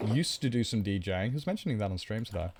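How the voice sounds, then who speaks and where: A man's voice: on the low side, lively intonation, rapid-fire, a little hiss or hum. A man chatting on a live game stream, rambling, greeting viewers and joking about himself.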